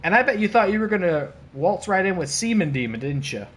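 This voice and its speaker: A man streaming and commentating a wrestling video game, excitable and laughing, with casual swearing and playful trash talk. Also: sits high, fairly quick. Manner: excitable, laughing, bursts of disbelief.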